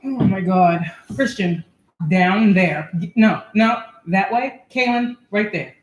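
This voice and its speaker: A woman's voice: mid-range voice, takes it slowly, slight background noise, poor audio. A young woman, chatting on a home livestream as a spiritual reader and laughing as she talks to her kids. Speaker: spiritual reader and channel host. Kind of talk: casual livestream talk.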